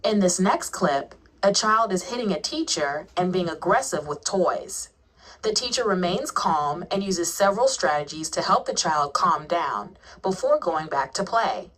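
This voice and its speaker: Brief: woman narrator, fairly low voice, slightly distant, calm scripted reading. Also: unhurried.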